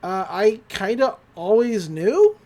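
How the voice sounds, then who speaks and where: A woman's voice: mid-range voice, big pitch swings, slow, warm tone. A woman voicing a laid-back teenage girl in a podcast recap, slangy and reassuring.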